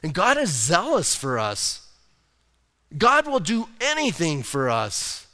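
A male pastor with a fairly high, smooth and resonant voice delivers a sermon in an easygoing, chatty manner, dropping in slangy asides. The sound carries a long reverb, as in a church hall. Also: wildly swooping pitch, takes it slowly, sharp tone. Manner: casual, conversational preaching with slang asides. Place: church sanctuary.

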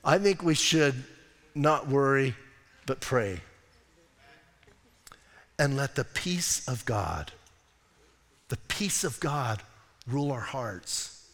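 A man preaching a sermon as a pastor, telling stories with lively, acted-out quotes. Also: medium pitch, slow, long pauses. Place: church hall. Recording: long hall reverb.

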